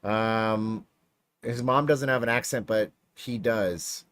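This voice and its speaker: A man's voice: fairly low pitch, takes it slowly, clear, resonant tone, no echo. A man hosting a casual livestream from his home streaming room, rambling and joking while he plays slots. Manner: rambling, jokey, animated. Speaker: livestream host.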